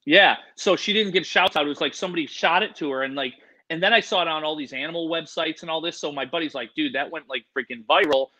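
Animated, bright-voiced man telling stories. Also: fairly high pitch, quick pace, few pauses, poor audio. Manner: animated, rambling storyteller. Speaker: animal expert guest. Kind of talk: casual storytelling interview.

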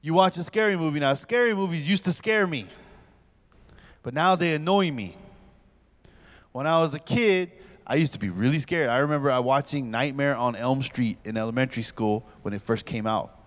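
A pastor in his forties gives a humorous lecture at a youth camp, telling stories with animated comic flair and acting out scenes. He speaks at a normal speed with a medium pitch.

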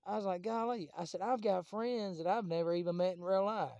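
Chatty high-voiced man. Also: fairly even intonation, fairly quick, a little mellow, clear, resonant tone, no echo, lo-fi sound. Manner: rambling, profane and chatty. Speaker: vlogger. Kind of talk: casual rambling monologue to camera.

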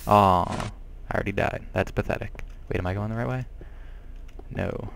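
A man giving casual let's-play commentary on a puzzle game, excitable and quick to exclaim when things go wrong. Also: fairly low pitch, creaky, a little hiss or hum. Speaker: gameplay commentator.

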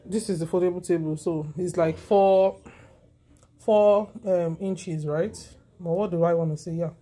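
A woman chatting casually on her vlog, excitable and full of storytelling asides, first from a car and then at home in a small office, recorded on a handheld phone. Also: on the low side, unhurried. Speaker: vlogger.

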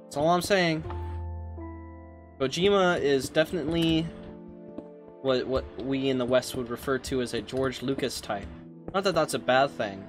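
A male streamer talking casually into a headset at a middle pitch, crude and quick to mock himself. Game music plays loudly behind him the whole time. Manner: crude, self-mocking, swearing. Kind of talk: casual livestream commentary.

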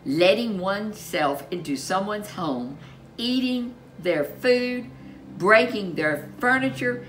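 A woman's voice: mid-range voice, lively intonation, slow pace, a little hiss or hum, pitched above the performer's own voice. Woman doing fussy gossiping troll. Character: fussy male troll, prim about manners.

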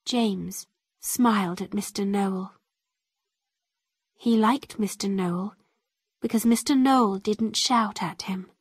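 Brief: woman narrator, graded-reader story, very slow and deliberate, husky, dry sound. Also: medium pitch, fairly even intonation, dry recording. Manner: slow, clear and deliberate for learners.

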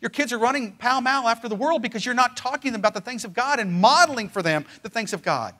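A male pastor delivers a fervent sermon in a notably high voice. He swings between forceful proclamations and quiet, pleading passages, stretching his phrases out for emphasis. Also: lively intonation, quick pace. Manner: fervent preaching, swings from loud declarations to hushed pleading.

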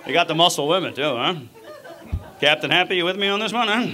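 A middle-aged man doing energetic live stand-up on a club stage, teasing the crowd with punchy delivery. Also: a little high, fast. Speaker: stand-up comedian. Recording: live club audio with audience noise.

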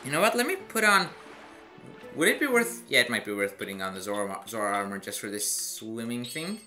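Man, let's play gamer, casual commentary, chatty, bright tone, faint music. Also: mid-range voice, big pitch swings, fairly quick. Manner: chatty, self-mocking asides.

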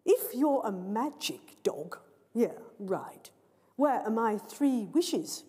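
A woman's voice: a little high, lively intonation, takes it slowly. A woman doing a shrieking selfish girl. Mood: grasping. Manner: sharp, shrieking demands. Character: thin grasping girl, fierce and selfish. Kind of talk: storybook reading. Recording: long reverb of a large hall.

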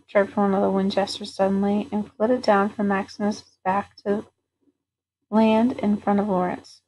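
A woman narrating a novel aloud at a steady, even pace. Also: medium pitch, unhurried, a little hiss or hum, poor audio. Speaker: audiobook reader.

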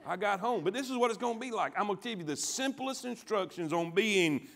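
A man preaching a sermon as pastor, calling on the congregation to answer back and swinging from quiet, low lines to loud ones. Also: lively intonation, brisk, gravelly. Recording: church sanctuary.

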